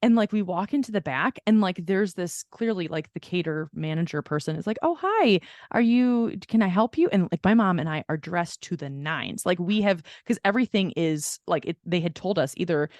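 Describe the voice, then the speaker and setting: A woman's voice: on the low side, a little fast, hardly any pauses, no echo, muffled recording. A woman co-hosting a podcast, telling a long story in casual chat and acting out the people she quotes. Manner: animated storyteller who acts out quoted people. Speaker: podcast co-host.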